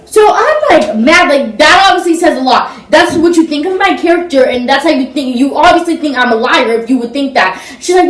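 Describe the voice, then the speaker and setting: A woman's voice: high-pitched, animated, fairly quick, hardly any pauses, distant mic. A young woman telling a casual storytime to her channel, chatty and full of "like" and "blah, blah.". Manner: chatty, filler-heavy, fills gaps with blah blah. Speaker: vlogger. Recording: roomy echo, voice set back from the mic.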